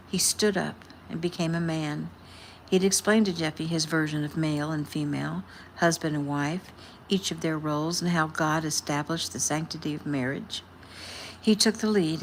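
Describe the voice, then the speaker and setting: A woman's voice: low-pitched, slight background noise. Woman casually reading her novel aloud. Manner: reads casually, softly voicing each character. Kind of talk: casual audiobook narration with character dialogue.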